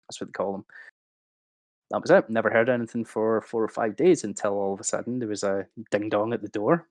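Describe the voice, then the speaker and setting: A man in his thirties telling an animated, swearing-laced story as a guest on a livestream. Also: lowish voice, fairly quick, dry recording. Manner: animated anecdote-telling, swearing, acting out quotes. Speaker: guest speaker.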